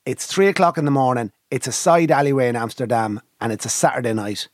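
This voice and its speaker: An Irish man in middle age spins a story with lots of swearing. His voice sits at an ordinary pitch. The sound is close and dry. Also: fast, dry recording. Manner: animated, swearing raconteur. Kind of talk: casual storytelling.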